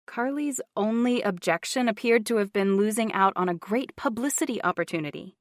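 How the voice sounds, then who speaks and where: A woman narrating a romance audiobook in a steady, even storytelling manner. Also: medium pitch, no room sound, studio quality. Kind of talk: scripted narration.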